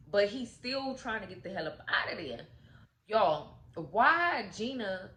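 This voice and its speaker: A woman's voice: medium pitch, very animated, unhurried, sharp tone. A woman casually recapping a movie plot in slangy, chatty speech, acting out the characters' lines as she goes. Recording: roomy echo with faint noise.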